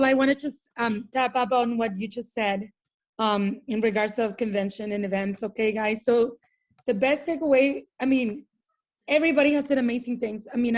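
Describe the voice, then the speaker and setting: A woman team coach giving an earnest, urging motivational talk on a group call. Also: fairly high pitch.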